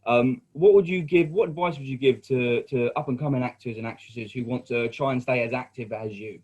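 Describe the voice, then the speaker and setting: Measured man co-host asking questions. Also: mid-range voice, a little mellow, slightly rough. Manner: measured, fills pauses with "um". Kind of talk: casual interview.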